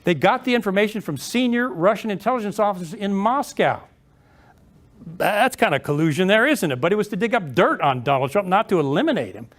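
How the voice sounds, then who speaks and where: Middle-aged male speaker, high-pitched, emphatic public talk. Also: very animated, a little fast. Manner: emphatic, rhetorical questions to the audience. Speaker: former intelligence officer giving a public talk. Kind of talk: speech to an audience.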